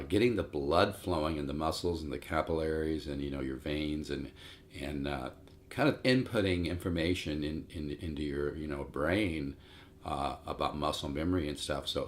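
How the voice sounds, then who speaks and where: Very deep-voiced, this guitar teacher in his sixties rambles through a relaxed lesson, repeating himself and addressing everyone as "folks." There's acoustic guitar playing and a bit of background noise.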